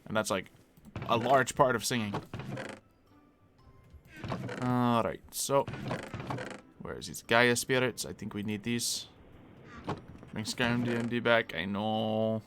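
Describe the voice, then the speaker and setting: A man's voice: medium pitch, slow pace, long pauses, music in the background. A man streaming a game live, chatting casually and answering viewers as he plays. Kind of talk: casual live-stream chat while gaming.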